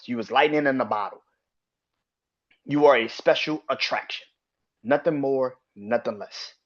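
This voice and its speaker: Solo podcast host, male, mid-pitched voice, profane heated rant, slightly muffled home recording. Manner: profane, heated, swings from low mutters to sharp outbursts.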